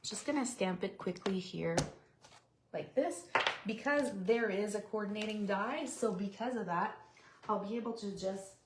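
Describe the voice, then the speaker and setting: A woman's voice: mid-range voice, a little slow, reverberant, noisy background. A woman leading a live card-making tutorial, chatting and explaining each step while reading viewer comments.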